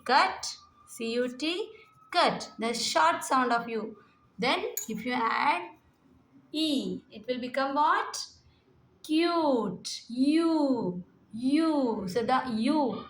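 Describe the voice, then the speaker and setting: A woman's voice: high-pitched, fairly bright tone. A woman with an Indian English accent teaching phonics, sounding out letters and words one by one and repeating each. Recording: echoey room.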